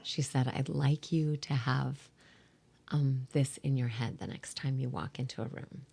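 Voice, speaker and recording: A woman from South Dakota talks in a strikingly deep voice, rough with vocal fry and a husky, breathy edge. She tells rambling stories as an interview guest, full of ums, and often slips into soft whispered asides. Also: fairly even intonation, measured pace. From South Dakota, USA. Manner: rambling storytelling with many fillers, dropping into soft whispery asides. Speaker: guest, actor and theater teacher. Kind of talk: casual interview chat.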